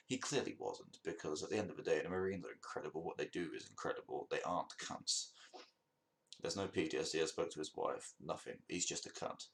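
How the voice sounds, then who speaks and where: A young man hosts his own podcast, spinning a long, rambling story in a casual monologue, cursing and laughing at his own jokes. His voice is very deep and animated with vocal fry, and he talks fairly quickly.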